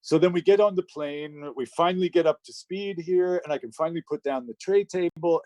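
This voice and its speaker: A man's voice: on the high side, darkish tone, no room sound. A middle-aged man, a record producer, telling a personal story in a casual, profane way, close to tears. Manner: casual and profane, with many fillers. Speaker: guest record producer and engineer.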